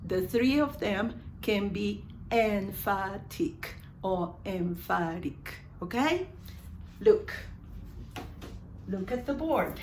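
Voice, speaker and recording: A woman whose first language is Spanish, teaching an English grammar lesson and slowly repeating each example sentence, with asides in Spanish. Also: mid-range voice, animated, a little hiss or hum.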